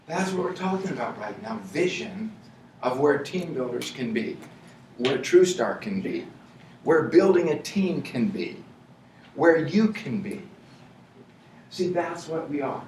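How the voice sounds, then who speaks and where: Man giving a motivational speech, fairly high voice, laughing often, recorded from afar in an echoey hall. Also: slow, slight background noise. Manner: animated, laughs often, builds to shouting. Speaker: motivational speaker at a company event. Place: event hall with an audience. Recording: echoey hall, mic from far off.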